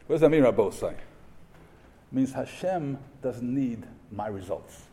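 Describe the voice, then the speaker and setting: At a moderate pace, a middle-aged rabbi with a mellow, expressive, mid-range voice gives an emphatic memorial sermon to a yeshiva audience, full of rhetorical questions and Hebrew terms.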